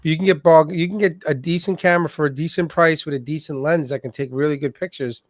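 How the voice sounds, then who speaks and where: A man co-hosting a livestream chat, excitable and teasing, often restarting his sentences. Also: fairly high pitch, fast, no echo, clean studio sound.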